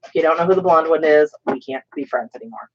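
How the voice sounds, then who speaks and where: A woman's voice: deep voice, fast, slightly rough. A woman with a grainy voice, chatting casually and joking with plenty of fillers as co-host while crafting. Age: adult with children. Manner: rambling, joking, many fillers. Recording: slightly muffled stream audio.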